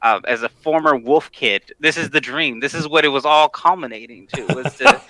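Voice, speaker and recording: A man from Washington state, USA, a tabletop content creator, chats casually as a podcast guest, enthusiastic and laughing often, with stammering restarts. His voice is on the high side, very animated, a little slow, pushed and bright, and the recording is dry and rough.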